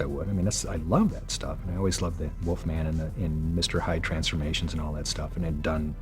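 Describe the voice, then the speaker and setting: A man telling stories in an interview, animated and acting out what others said. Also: low voice. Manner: animated, acts out quotes. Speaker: makeup artist interviewee. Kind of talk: interview storytelling.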